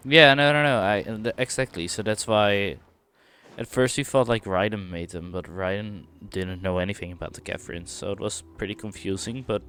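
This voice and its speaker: A man's voice: fairly low pitch, normal speed, a bit bright, slight background noise. A man giving casual, laid-back gameplay commentary on a stream, mumbly at times and swearing lightly.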